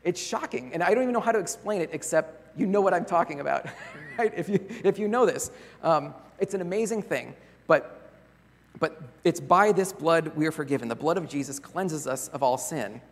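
A man preaching a sermon as a pastor, earnest and conversational, often pausing on rhetorical questions. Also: fairly high pitch. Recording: long reverb of a large hall.

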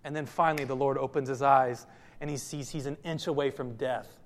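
A man pastor giving a sermon, telling the story in a lively way and speaking straight to his listeners. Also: medium pitch, brisk. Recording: long hall reverb.

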